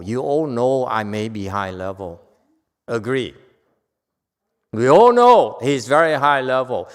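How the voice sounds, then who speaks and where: A man giving a Buddhist dharma lecture in a temple hall, talking to the audience in a teasing, conversational way and asking them questions. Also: mid-range voice. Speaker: Buddhist teacher.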